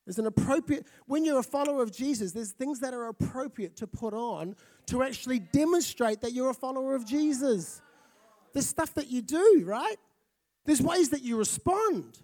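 A pastor who grew up in Fiji, giving a lively, conversational sermon and often checking in with listeners. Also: male voice, very high voice, moderate pace. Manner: lively, conversational, often asks the crowd "right?".

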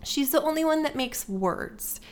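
A woman's voice: high-pitched, expressive, measured pace, a little mellow. A woman co-hosting a casual podcast, telling a story in a loose, chatty way with lots of fillers and frequent swearing. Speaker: podcast co-host. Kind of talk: casual chat, movie review.

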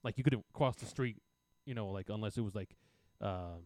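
A man's voice: lowish voice, mellow, no room sound. A man co-hosting a comedy podcast, chatting casually and packing his sentences with "like.". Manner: fast, filler-heavy talk full of "like". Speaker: podcast co-host. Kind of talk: casual chat. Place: podcast studio.

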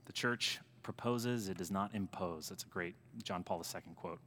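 Bright, forceful American priest preaching. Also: male voice, deep voice, normal speed. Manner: animated storytelling with emphatic swings in loudness. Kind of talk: sermon. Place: church sanctuary. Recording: long church reverb.

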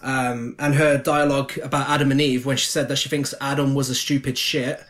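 A man's voice: mid-range voice, little pitch movement, a little fast, a bit bright. A man on a podcast in casual film discussion, hesitant at first and swearing casually.

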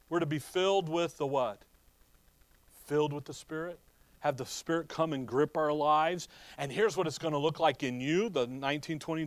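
A male pastor preaches with lively emphasis in a fairly high voice, often pausing on a rhetorical "what?" for the congregation. The sound is dry and close, with little room. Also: dry recording. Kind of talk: sermon.

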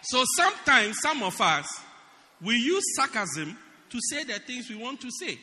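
A man preaches a lively sermon, teasing his congregation with jokes. His voice is high and very bright, rising and falling a great deal. The sound carries the long reverb of a church hall. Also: normal speed. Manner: animated, joking with the congregation.

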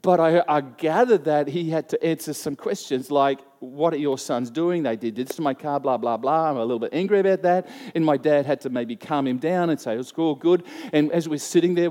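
A male pastor preaches to his church and tells a childhood story in a loose, chatty way, slipping into the voices of the people in it. His voice sits a little high, with a mellow, dark tone. The hall around him rings with a long reverb. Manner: conversational storytelling, acting out quoted voices. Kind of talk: sermon with a personal story.

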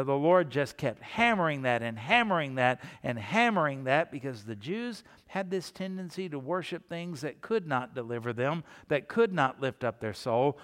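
A middle-aged pastor preaching a sermon, talking in a conversational way and lifting his voice when he quotes scripture. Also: on the high side. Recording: long reverb of a hall.

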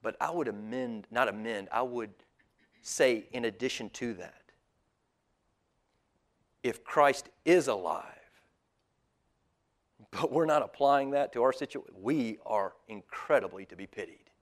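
A man, a pastor preaching a sermon, who moves between loud emphatic calls and hushed near-whispers. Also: medium pitch, measured pace, long pauses. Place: church auditorium.

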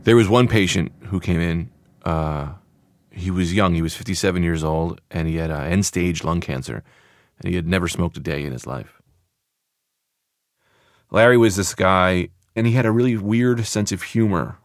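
A man's voice: sits low, normal speed, no room sound, clean studio sound. A man, a comedian, telling a personal story in a casual, conversational way with loose phrasing.

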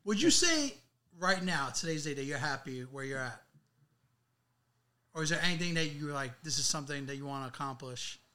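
A man hosting a podcast, asking questions in relaxed, easygoing chat. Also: fairly high pitch, brisk. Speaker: podcast host.

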